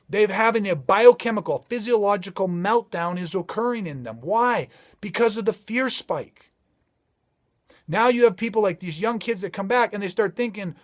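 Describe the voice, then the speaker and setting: Emphatic high-voiced male safety trainer. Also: lively intonation, normal speed. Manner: emphatic, repeating rhetorical questions. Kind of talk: motivational talk.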